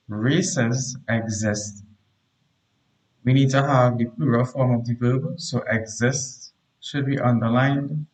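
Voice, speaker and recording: Teaching a live online grammar lesson to primary pupils, a man reads each sentence aloud, repeats it slowly, and explains the corrections while talking to the chat. His voice is medium-pitched, and the recording is rough.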